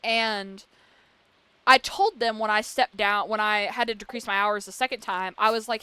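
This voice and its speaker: A woman's voice: medium pitch, steady tone, normal speed, sharp tone, clear, resonant tone, dry recording. A woman game streamer chatting casually while she plays, rambling through a story with lots of "like" and free swearing.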